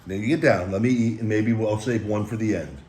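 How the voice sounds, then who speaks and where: A man's voice: fairly low pitch, fast talker, darkish tone, roomy sound, a little hiss or hum. A man hosting a food review vlog at home, talking in a rambling, laid-back way and calling himself the big guy. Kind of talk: casual chat. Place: home room with pet dogs.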